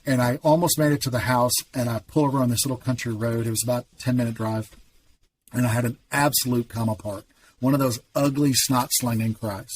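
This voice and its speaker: A man's voice: medium pitch, fairly even intonation, fairly quick. A man, a podcast guest, telling a heartfelt personal story in an earnest, emphatic way and chuckling now and then.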